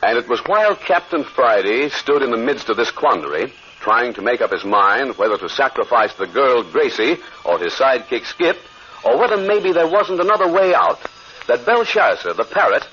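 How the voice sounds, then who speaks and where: A man's voice: mid-range voice, very animated, normal speed, sharp tone, slight background noise. A man narrating and announcing a radio adventure with dramatic, swooping delivery, on a dull old recording.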